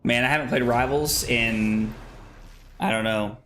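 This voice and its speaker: A man streaming a game, tipsy, excitable and swearing, often laughing between lines. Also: medium pitch, unhurried, faint music behind. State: tipsy from drinking. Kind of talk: casual live-stream banter.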